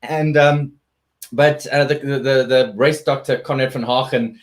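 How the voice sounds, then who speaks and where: A man's voice: medium pitch, steady tone, a little slow. A man, a guest athlete telling his story earnestly in an interview, often restarting his sentences.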